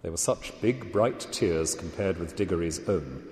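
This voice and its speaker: A man giving a measured, reflective literary lecture and reading passages aloud. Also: sits low, a little mellow. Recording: echoey hall with long reverb.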